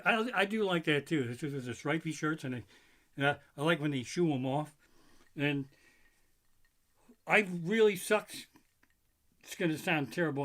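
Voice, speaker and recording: A man's voice: a little high, a bit bright. Profane ranting male stand-up comic. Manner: profane, ranting, mocking quoted voices. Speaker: stand-up comedian. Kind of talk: stand-up comedy routine.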